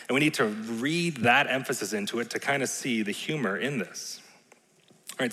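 A man's voice: medium pitch, bright, forceful tone. A man preaching a sermon in a conversational, playful way, often checking in with the room. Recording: long reverb in a large hall.

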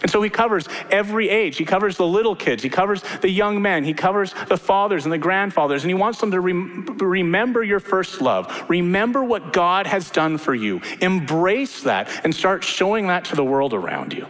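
A man in his thirties preaching to a congregation in a church sanctuary. His voice rises and falls in wide, lively arcs as he tells stories. The sound carries a long reverb from the hall. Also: sits high, normal speed, hardly any pauses. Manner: animated storytelling preacher, swinging between loud and hushed. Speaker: pastor. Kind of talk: sermon.

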